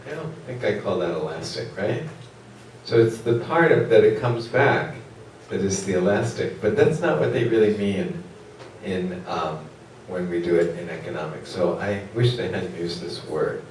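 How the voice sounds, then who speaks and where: A man's voice: deep voice, expressive, normal speed, a little mellow, slight background noise. A man giving a classroom economics lecture, rambling and putting questions to the class, with many fillers. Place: lecture hall. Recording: echoey lecture hall from far off.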